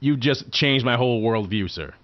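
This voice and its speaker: A man's voice: medium pitch, expressive. A male podcast host with a mid-range voice who steers the talk and slips in teasing jokes. The sound is somewhat dull, like a lo-fi call. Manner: joking, teasing, quick asides. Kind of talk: casual podcast banter. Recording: slightly muffled podcast audio.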